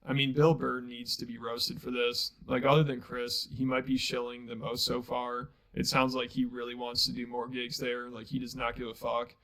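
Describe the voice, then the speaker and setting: Flat-toned blunt male commentary host. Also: mid-range voice, moderate pace, hardly any pauses, low-quality recording. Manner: blunt, critical. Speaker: channel host. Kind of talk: opinion commentary.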